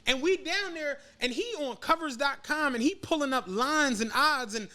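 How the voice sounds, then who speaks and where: A man chats on a podcast with a high, bright voice. He tells profane, animated stories and acts out what people said. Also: moderate pace, few pauses. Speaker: podcast co-host. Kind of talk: casual chat.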